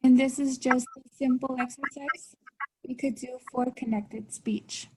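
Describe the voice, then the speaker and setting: A young woman student giving a class presentation, explaining in a halting way with restarts. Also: sits high, steady tone, dark tone, slightly rough.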